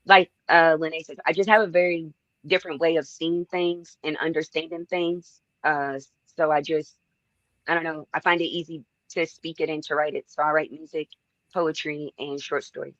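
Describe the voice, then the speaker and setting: A guest poet from Louisville, telling their story in an unhurried, reflective way. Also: medium pitch, level tone, a bit bright, no echo, highs cut off. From Louisville, Kentucky. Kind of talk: casual interview talk.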